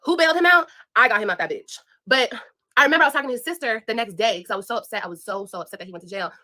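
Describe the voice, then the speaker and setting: Fast, bright-voiced young woman vlogger. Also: on the high side, lively intonation. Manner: blunt, profane, emphatic, addresses viewers directly. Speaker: vlogger telling a story. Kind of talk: casual storytime monologue.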